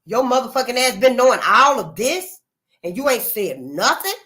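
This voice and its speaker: A woman's voice: fairly high pitch, sing-song, normal speed, bright, forceful tone. A woman, hosting a casual livestream and speaking bluntly and profanely, repeating phrases for emphasis. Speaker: channel host.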